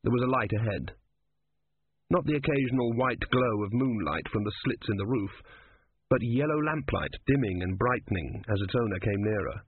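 Casting note: man reading fiction aloud, husky and measured, dry narrow-band recording. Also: on the low side, animated, no echo. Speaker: audiobook narrator. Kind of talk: scripted narration. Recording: dry, phone-like narrow sound.

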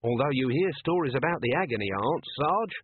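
A man's voice: mid-range voice, animated, brisk, slightly rough, no room sound. Man doing a cheeky little corporal. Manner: cheeky, stubborn, coarse. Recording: dry, tinny phone-like sound.

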